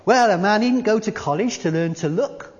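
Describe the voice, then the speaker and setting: Preacher doing a fervent rough-spoken Victorian lay preacher, raised pitch, loud exhorting, long reverb, dull sound. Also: moderate pace, lightly acted. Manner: plain-spoken, exhorting, repetitive.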